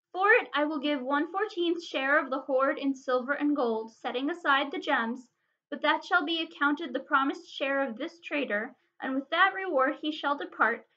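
Proud dwarf king, stern and wrathful, shouting when angered, read by a woman; bright, high-ish tone. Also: dull audio.

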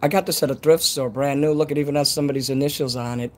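A man's voice: fairly high pitch, fairly even intonation, racing, darkish tone. A man from Chicago with a Chicago accent, chatting casually on a live stream outdoors at night, rambling and swearing freely. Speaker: livestreamer.

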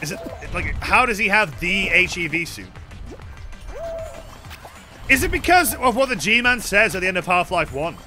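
A young man streaming a game, chatting in a rambling, excitable way with sudden shouts and swearing. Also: sits high, moderate pace, long pauses, over music. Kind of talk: casual chat while gaming.

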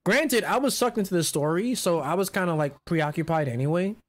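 A man co-hosting a podcast, chatting casually and telling animated, profanity-laced stories. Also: high voice, fairly quick. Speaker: podcast co-host. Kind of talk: casual chat.

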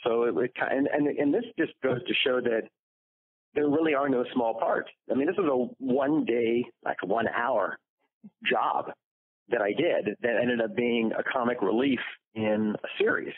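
A man voice actor telling lively stories in an interview, acting out the quotes. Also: mid-range voice, measured pace, husky, dry recording. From United States. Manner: lively storyteller, acts out quotes. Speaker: voice actor guest. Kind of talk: interview anecdotes. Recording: dry phone-like line.

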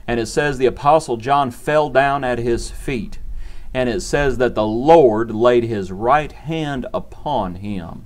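A man's voice: mid-range voice, takes it slowly. A man preaching a short devotional sermon in an earnest, repetitive cadence.

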